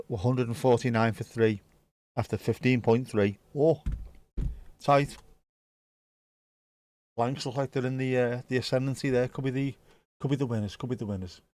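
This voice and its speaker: A man's voice: medium pitch, darkish tone, dry recording. A man hosting a live match watchalong, chatting casually and rambling between dad jokes. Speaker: watchalong host.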